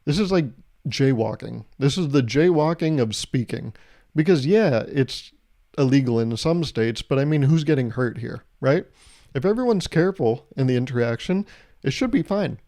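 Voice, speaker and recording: A man hosts a solo podcast, riffing in a sarcastic, comedic monologue and firing off rhetorical questions. His voice is mellow and warm, sitting at an ordinary male pitch. He dishes out mock advice with a playful, teasing edge. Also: expressive, moderate pace. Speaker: podcast host.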